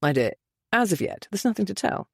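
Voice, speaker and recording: A woman voicing a calm, commanding older male duke who speaks flatly and with dry authority. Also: mid-range voice, a little fast, creaky, husky, no echo, exaggerated voice.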